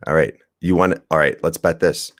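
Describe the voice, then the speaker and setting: A podcast co-host with a rumbling low, fairly bright voice reviews a movie at a moderate pace and fairly even intonation. He chats and rambles, laughing and swearing as he goes, in a dry, clean studio recording.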